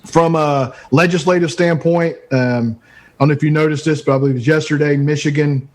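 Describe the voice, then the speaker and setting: A man's voice: a little high, steady tone, brisk. A man guest on a podcast, speaking in an easygoing, matter-of-fact way about his trade. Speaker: guest, cigar retailer. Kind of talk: casual chat.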